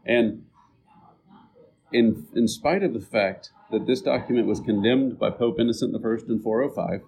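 A man's voice: mid-range voice, moderate pace, creaky, darkish tone, poor audio. A man preaching a sermon to his congregation, talking to them directly and conversationally. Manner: conversational teaching, asides to the congregation. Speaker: pastor.

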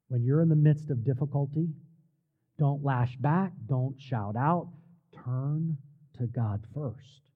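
A man preaching a sermon, slowing down for emphasis and dropping his voice to near quiet at key words. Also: mid-range voice. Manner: preaching with slow, emphatic pauses and dramatic drops in volume. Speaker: pastor. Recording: tinny phone-like sound.

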